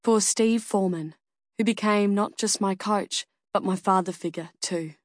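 A woman narrating an audiobook in the first person, reading in a measured and steady way. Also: mid-range voice, no echo.

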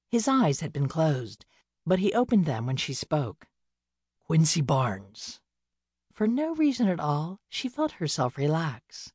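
Husky-voiced woman reading a novel. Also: low-pitched, dry recording, clean studio sound. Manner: steady, measured storytelling. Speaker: audiobook narrator. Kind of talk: scripted narration.

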